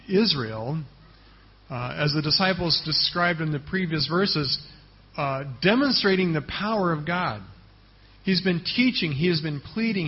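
A man's voice: a little high, breathy edge, dull audio. A man preaching a sermon as pastor, explaining a passage in an earnest teaching tone and often checking in with "right?".

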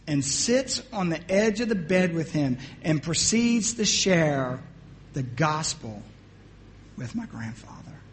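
A pastor from the United States telling a personal story in a sermon. He acts out the dialogue and often drops to a hushed voice. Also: a little high, sing-song, slow pace.

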